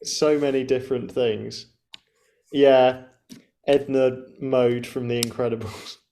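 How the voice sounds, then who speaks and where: A man co-hosting a reaction show at a middle pitch. He chats casually, laughs easily and keeps his replies short. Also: steady tone, slow pace, dark tone, a little hiss or hum.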